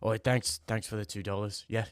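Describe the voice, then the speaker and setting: A brash young man talks casually on a livestream, answering his chat in loose, slangy bursts. His voice sits low, and the sound is dry and close with no room around it. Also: steady tone, normal speed, smooth, no echo. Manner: brash, trash-talking, slangy, rambling. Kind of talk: casual live-stream chat.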